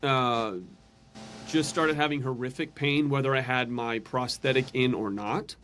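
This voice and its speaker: A man's voice: medium pitch, fairly even intonation, unhurried, fairly bright tone, slight background noise. A man speaking as a podcast guest, telling a personal faith story in an earnest, conversational way and acting out the voices of people in it.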